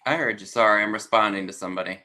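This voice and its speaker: Easygoing man with a bright voice. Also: fairly low pitch, racing. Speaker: vintage shop owner guest. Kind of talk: casual livestream chat.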